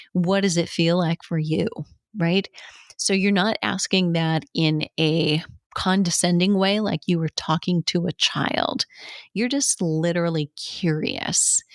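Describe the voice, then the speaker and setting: A woman's voice: on the low side, no room sound, studio quality. A woman teaching coaching skills in a conversational way, repeating key points for emphasis. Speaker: coaching instructor. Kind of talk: informal teaching talk.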